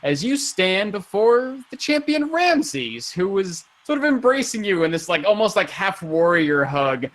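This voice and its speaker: A man running a tabletop game as game master, narrating scenes in a relaxed, descriptive way. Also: high voice, a little slow, few pauses.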